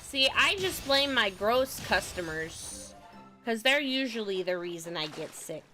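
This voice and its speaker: Young streamer girl, kinda stuffy after a cold, rambling and giggly, crisp bright voice, takes her time talking. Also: medium pitch, big pitch swings, a little slow, faint music behind. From California. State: slightly stuffy, recovering from a cold. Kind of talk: casual gaming stream chat.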